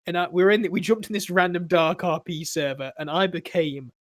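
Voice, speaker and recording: Man podcast co-host with a high voice, animated storyteller, swears a lot, dry close sound. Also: a little fast, dry recording. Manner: animated storytelling, swears freely, laughs often. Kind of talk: casual chat.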